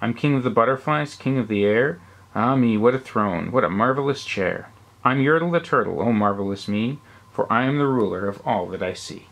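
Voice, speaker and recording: A man's voice: mid-range voice, lively intonation, moderate pace, vocal fry, fairly bright tone. Yertle, a dad putting on a bossy turtle king. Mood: gloating. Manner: bellowing, proud and snappish.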